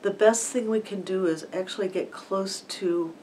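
A middle-aged woman minister giving a reflective message, telling a story in a thoughtful, unhurried way with pauses and fillers. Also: mid-range voice, fairly even intonation, a little mellow, far from the mic, slight background noise, low-quality recording.

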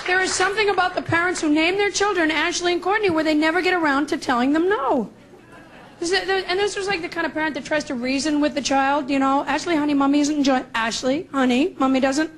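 A woman's voice: extremely high pitch, fast, fairly bright tone. A woman doing a stand-up routine on a club stage, chatty and sarcastic. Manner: chatty, conversational, sarcastic asides. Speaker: stand-up comedian. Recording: noisy club recording with audience.

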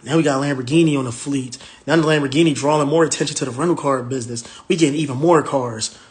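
A man's voice: mid-range voice, quick pace. Brash profane man streaming live. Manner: brash, profane, rambling street talk. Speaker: livestream host, rental car business owner. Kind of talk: casual livestream talk.

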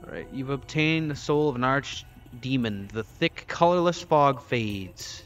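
Casting: a man, mid-pitched, foul-mouthed let's-play commentator, jokey and loose. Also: unhurried, fairly bright tone, faint music behind. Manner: crude, profane, jokey, talks back at the game. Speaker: gameplay streamer.

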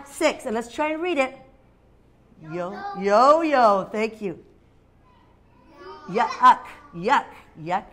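A woman teacher with a mid-range voice leads a phonics lesson for young children. She speaks in an animated, sing-song way and breaks into dramatic shouts.

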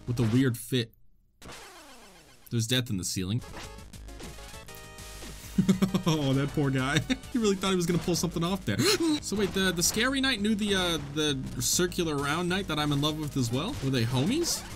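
A young man giving casual, excitable gameplay commentary, swearing and trash-talking the enemies. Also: fairly high pitch, normal speed, long pauses, music in the background. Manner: excitable, profane, jokey trash talk. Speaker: gaming video host.

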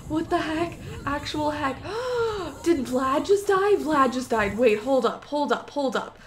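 A young gaming YouTuber with a high, bright voice narrates her gameplay, gasping and exclaiming in an excitable, panicky way. She talks a little slowly, with a faint hiss beneath her voice.

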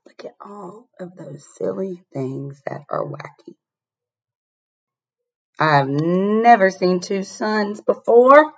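Animated woman reading a picture book aloud. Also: mid-range voice, breathy edge, dull audio. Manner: animated, asks the listener to find things. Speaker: storybook reader. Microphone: laptop webcam.

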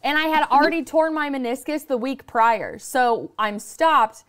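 A woman hosting a podcast, telling stories in casual, profane, animated chat. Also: high voice, a little slow. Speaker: podcast host.

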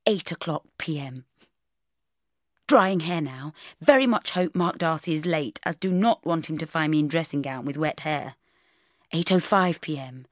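A woman narrates a first-person comic novel with a wry, lively delivery. Her voice sits low but moves through a wide range of pitch. The recording is dry and close to the mic. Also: moderate pace, dry recording. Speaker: audiobook reader.

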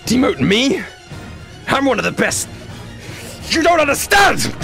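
A man's voice: a little high, very animated, normal speed, fairly bright tone, faint music behind. A man voicing a hot-tempered male Marine commodore who screams and swears in furious outbursts. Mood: enraged.

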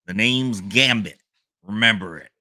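A man's voice: lowish voice, rapid-fire, dry recording. A man voicing a suave, cocky male mutant card-thrower, a weak attempt at a Cajun drawl, dry close sound. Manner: flat attempt at a Cajun drawl, barely changed from his own voice.

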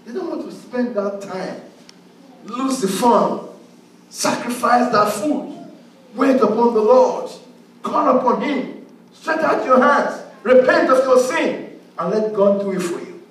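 Brief: male pastor, very high voice, fervent shouted preaching, boomy reverberant hall, mic distant. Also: animated, slow pace. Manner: preaching with shouted call-and-response surges. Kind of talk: sermon. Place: church hall. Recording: echoey hall, mic far off, faint noise.

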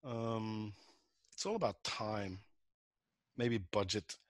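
A man's voice: lowish voice, no room sound. Man talking in a dry room. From Norway. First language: Norwegian. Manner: relaxed, halting, with many restarts. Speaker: guest actor. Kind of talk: casual interview chat.

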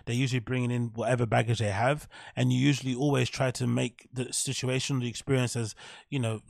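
A man's voice: mid-range voice, steady tone, fairly quick, vocal fry, no echo, studio quality. A man hosting a podcast, reacting bluntly and with profanity to a news clip in a casual commentary style. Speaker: podcast host.

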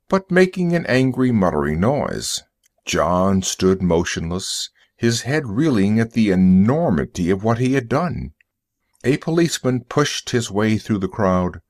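A man reading a story aloud for English learners, in a measured storytelling manner. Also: low voice, very animated, no room sound, clean studio sound. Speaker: narrator.

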